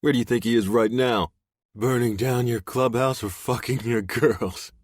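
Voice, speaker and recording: A man doing a sneering captive thug, higher voice. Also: steady tone, moderate pace, dry recording, clean studio sound, close to an everyday voice. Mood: taunting. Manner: taunting, spitting insults.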